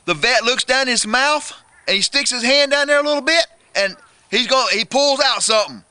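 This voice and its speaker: Man, playful children's booktalk, high voice, bright tone, dry close sound. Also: brisk, clean tone, no room sound. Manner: playful, addresses kids directly, builds suspense. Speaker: children's book reviewer.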